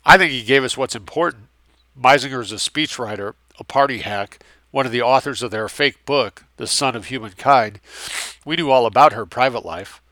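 A man voicing a curt, gruff military colonel who defends his own work. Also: medium pitch, normal speed, pushed and bright, dry recording, close to an everyday voice. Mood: defensive.

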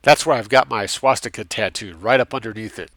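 Guy voicing a snarky prisoner merc, dry mocking lines, crisp voice. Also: fairly low pitch, a little fast, fairly bright tone, no room sound. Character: sardonic male prisoner, a hired mercenary.

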